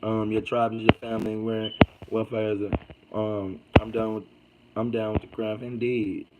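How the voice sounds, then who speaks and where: A man's voice: lowish voice, level tone, moderate pace, heavy background noise. A man hosting a casual livestream, reading out comments and preaching in a loose, slangy way. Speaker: livestream host.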